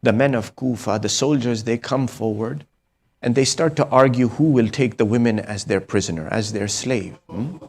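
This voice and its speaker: A man preaching a mourning sermon, telling a grave story to a gathering. He speaks mostly low and hushed, checks on his listeners with a questioning "hmm?", and now and then lifts his voice to a loud peak. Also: normal speed, slightly rough. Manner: storytelling with frequent "hmm?" prompts to the audience.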